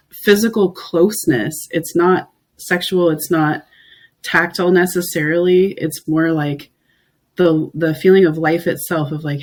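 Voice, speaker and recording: A candid speaker on a podcast, thinking out loud and circling back with lots of "like" and "you know". The pitch sits in an ordinary middle range. The talk stays reflective and unhurried in a casual chat. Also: poor audio. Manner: reflective, candid, filler-heavy with frequent "like".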